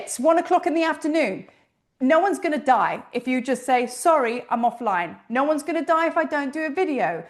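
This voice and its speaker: A woman, a spiritual teacher and priestess, gives an informal, animated teaching talk, telling stories and swearing casually. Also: high voice.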